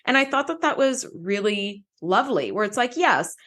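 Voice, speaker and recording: A woman co-hosting a casual podcast, recapping an episode in an animated way, laughing often and acting out characters' lines. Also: medium pitch, moderate pace. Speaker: podcast co-host.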